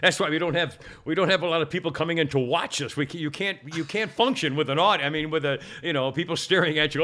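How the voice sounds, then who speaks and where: A man's voice: a little high, fast talker, bright, forceful tone. A middle-aged man hosting a podcast, telling stories in a rambling, self-interrupting way and laughing often. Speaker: podcast host. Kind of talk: casual rambling chat.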